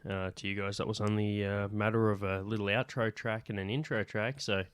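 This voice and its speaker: A man's voice: on the low side, level tone, a little fast, clean tone, soft background music. A man hosting a comedy podcast in casual chat, rambling and correcting himself, drifting on and off the mic. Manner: rambling, filler-heavy, self-correcting. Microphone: moves on and off the mic.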